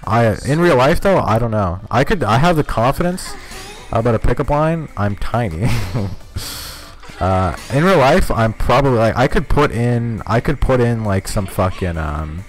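A man streaming a video game, giving profane, rambling, self-mocking commentary in one steady speaking voice. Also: medium pitch, moderate pace, faint music behind. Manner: talks in one steady voice, cannot scream. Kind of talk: casual live-stream commentary.

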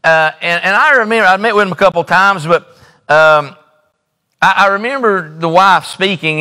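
A man's voice: high-pitched, moderate pace, bright, forceful tone, smooth, long reverb tail. A middle-aged man preaching a sermon in a church, using emphatic repetition and folksy storytelling. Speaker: pastor. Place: church sanctuary.

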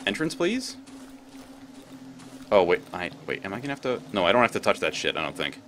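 A man's voice: deep voice, big pitch swings, a little fast, pauses often, fairly bright tone, slight background noise. A man commentating his gameplay, rambling, thinking aloud and swearing freely. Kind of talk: let's play commentary.

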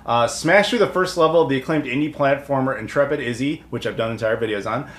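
A man's voice: mid-range voice, fast talker, roomy sound, slight background noise. A man with an American accent chatting casually to camera while unboxing packages, rambling and full of fillers. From United States. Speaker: video game collector YouTuber.

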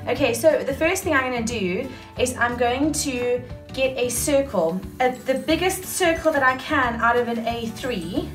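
A woman's voice: high voice, lively intonation, moderate pace. Woman teacher explaining a craft, far off. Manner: chatty, instructive, many fillers. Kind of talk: craft lesson for children. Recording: roomy and distant, with music.

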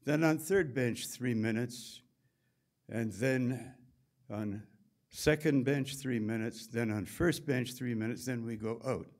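A man's voice: mid-range voice, slow pace, darkish tone, close to an everyday voice. A man voicing a Swiss technician who lists sauna rules in clipped, broken English with a put-on Swiss accent. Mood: instructive. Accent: Swiss German.

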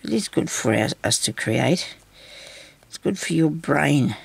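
A woman's voice: deep voice, lively intonation, a little slow, gravelly, slightly rough. A woman hosting a craft tutorial, chatting casually and reassuringly while she beads and talks to herself as she works. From Australia.

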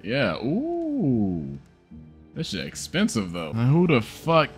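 A man's voice: medium pitch, huge pitch swings, slow, faint music behind. A tired young man commenting on his gameplay, joking, cursing and laughing often. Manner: profane, joking, laughs a lot. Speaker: gaming streamer.

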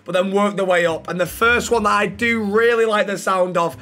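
A man giving chatty, excitable gaming commentary, bantering with the characters in the game. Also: sits high, brisk. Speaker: gaming YouTuber.

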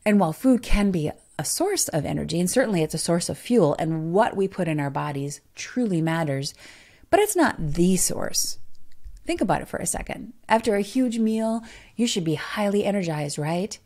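In a motivational podcast monologue, this host fires emphatic rhetorical questions at her listener. She speaks at a normal speed in a lowish, darkish, very animated voice.

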